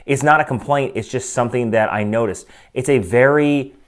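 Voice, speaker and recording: A man's voice: mid-range voice, moderate pace. Male host of a watch review channel, casual and opinionated, speaks into a desk microphone. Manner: opinionated, conversational, frequent asides.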